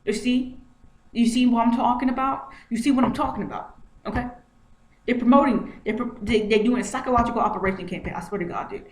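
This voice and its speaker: A woman's voice: fairly high pitch, fast, a little mellow. Agitated woman repeating herself, roomy echo. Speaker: vlogger. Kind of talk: screen-share commentary. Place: home, at a computer. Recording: roomy echo, faint noise.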